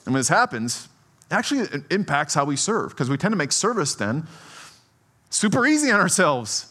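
Male pastor, bright and tense tone, animated conversational preaching. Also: on the high side, normal speed, slightly rough. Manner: conversational, often asks "right?"; animated, swings between soft and emphatic. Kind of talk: sermon.

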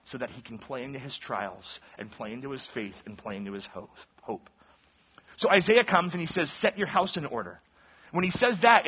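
Pastor in his 30s, teaching-style sermon, a bit high and husky, muffled lo-fi recording. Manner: conversational Bible teaching, acts out quoted speech.

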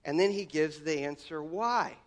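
A man with a high, light voice delivers a sermon. He leans on repetition and lifts his voice to stress key phrases, often restarting his words mid-thought. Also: moderate pace. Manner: emphatic, repeats words, voice rises on key lines. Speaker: pastor.

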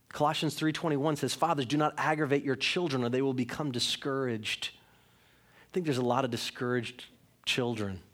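A man's voice: a little high, brisk, fairly bright tone. A man in his thirties, a pastor giving a sermon in a conversational, candid way, with self-mocking humor.

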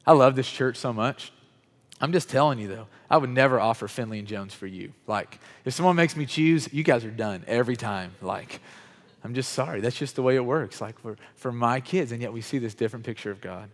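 A man's voice: medium pitch, a little fast, in a large hall. A man preaching a sermon in a church, talking conversationally, putting questions to his congregation, with many restarts and fillers. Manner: frequent "like" and repeated false starts. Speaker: pastor. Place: church hall with chairs.

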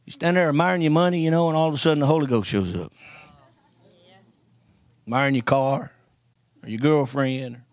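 Preacher man, kinda high voice, jokey storytelling sermon, asks the crowd to answer back, dry sound. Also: a little fast, long pauses, no echo. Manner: lively, joking and storytelling, with call-and-response to the congregation.

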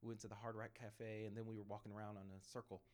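A man on a panel sharing his evangelism experiences as a lively storytelling testimony, laughing between anecdotes and acting out bits of dialogue. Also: on the low side. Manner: acts out dialogue in quick asides.

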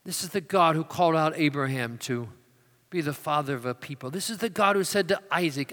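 A man delivering a sermon in a large church sanctuary, his voice bright and fairly high. He swings from loud, emphatic declarations down to quiet storytelling, and a long reverb trails after his words. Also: fairly quick. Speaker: preacher.

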